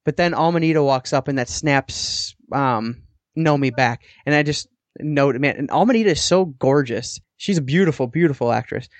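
A man's voice: a little high, moderate pace, dry recording. A man co-hosting a podcast, casually recapping a TV episode in a rambling way with the odd swear word. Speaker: podcast co-host.

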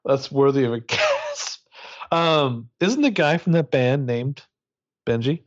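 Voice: medium pitch, slow, dry recording. A sarcastic co-host chats on a podcast, and the voice swoops widely up and down. The recording is dull and lo-fi, but close and dry. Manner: sarcastic, animated. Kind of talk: casual chat.

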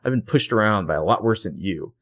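A man's voice: on the low side, expressive, fast, close to an everyday voice. A man doing a defiant young assistant woman. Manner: defiant, fed up. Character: defiant young female assistant quitting her job.

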